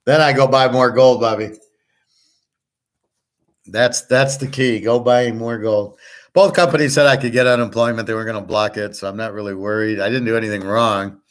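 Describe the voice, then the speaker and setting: A man's voice: medium pitch, fairly even intonation, fairly quick. A middle-aged man hosting his own channel, talking in a blunt, rambling casual monologue and often repeating himself. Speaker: channel host.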